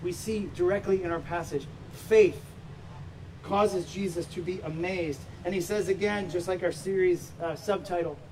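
A man delivers a sermon in a fairly high voice, leaning into points with emphatic rhetorical questions. He sounds a little distant from the microphone, with a faint hum of noise in the background. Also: moderate pace, a little mellow. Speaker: pastor. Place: church sanctuary.

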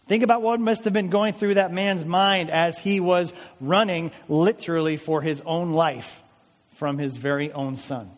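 Emphatic preacher in a reverberant hall. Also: male voice, fairly high pitch. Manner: dramatic, emphatic preaching with rhetorical questions. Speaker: pastor. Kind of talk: sermon. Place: church hall.

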